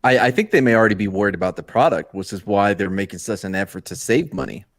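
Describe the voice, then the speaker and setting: Low-voiced man with dry asides. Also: lively intonation, fast talker. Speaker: podcast panelist. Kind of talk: casual panel chat.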